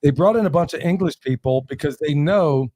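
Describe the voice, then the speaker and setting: A man's voice: on the high side, fairly quick, mellow, dry recording. Jokey American man host, dry sound. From United States. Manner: rambling, jokey questions. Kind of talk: casual interview chat.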